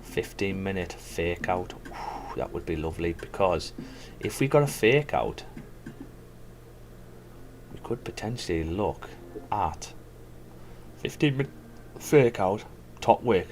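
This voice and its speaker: A man's voice: low voice, expressive, measured pace, long pauses, background noise. A man giving casual live commentary as a forex trader, thinking aloud and chatting to viewers. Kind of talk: live trading stream commentary.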